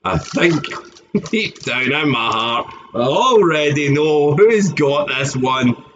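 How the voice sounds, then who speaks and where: A man's voice: on the high side, animated, slow pace, fairly bright tone, a little hiss or hum. A Scottish man chatting casually and joking on a live stream, often laughing, with a dull lo-fi sound. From Scotland. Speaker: streamer opening trading card packs.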